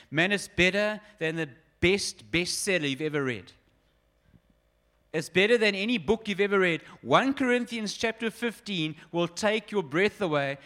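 A man in his forties delivers a sermon in a fairly high, bright register. He preaches with earnest emphasis and addresses his listeners directly, as if speaking to each person in the pews. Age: 40s. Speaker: pastor.

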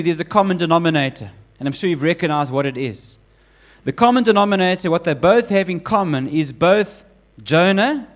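A man preaching a sermon with emphatic, animated delivery, often building up repeated lists. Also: a little high. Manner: acts out quoted voices of God and Jonah.

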